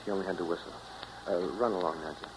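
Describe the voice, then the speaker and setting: A deep, low-key man, as an actor plays him in a 1940s radio drama. He is blunt and unhurried. A faint hiss runs under his voice. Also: fairly even intonation, lightly acted, low-quality recording. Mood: steady. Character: blunt, steady old friend and former lover.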